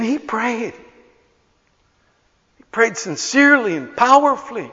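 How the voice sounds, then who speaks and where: A man's voice: extremely high pitch, sing-song, a little slow, pauses often. Impassioned older male preacher in a hall. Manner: impassioned storytelling, rising to near-shouts. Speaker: pastor. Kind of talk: sermon. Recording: echoey hall, dull lo-fi sound.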